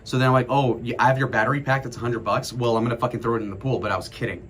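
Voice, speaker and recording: A man's voice: mid-range voice, very fast, slight background noise. A man in his twenties on a casual livestream, telling a long story in a rambling, profane way. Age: 20s. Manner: rambling, profane, animated retelling. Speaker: streamer.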